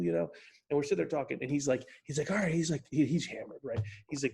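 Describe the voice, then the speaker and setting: Podcast guest: man, gravelly husky voice, rambling storyteller, casual chat. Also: fairly high pitch, fast.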